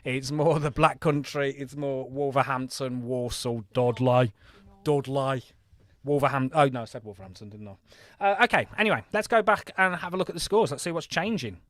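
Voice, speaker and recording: A man's voice: mid-range voice, a little fast, a bit bright, dry recording. Chatty man with a mild Birmingham accent. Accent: mild Birmingham English. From Birmingham, England. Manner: chatty, friendly, reads out scores and thanks viewers. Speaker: game live-stream host. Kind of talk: live game commentary and chat.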